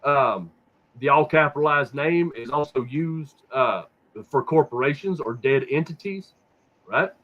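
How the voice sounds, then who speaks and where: In a dull, lo-fi recording, a podcast host with a slightly high voice talks unhurriedly about conspiracies in a casual way. He swears a lot, wanders off track, and repeats words while hunting for his next thought.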